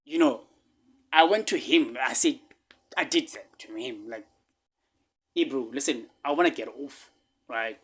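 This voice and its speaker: A South African man recounts a personal story in a husky, breathy voice at a middle pitch. He repeats key phrases for emphasis and often drops to hushed asides. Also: unhurried, long pauses.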